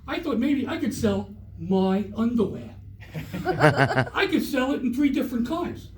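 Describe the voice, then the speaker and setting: A man's voice: very high-pitched, animated, measured pace, a little hiss or hum. A middle-aged man performing a stand-up comedy set on a theater stage, telling rambling, repetitive stories. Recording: roomy, distant live-room recording.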